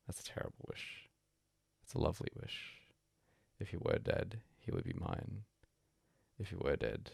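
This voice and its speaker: A man reading a bedtime story aloud as a hushed, breathy first-person monologue. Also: very deep voice, dry recording, studio quality. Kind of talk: soft-spoken story reading.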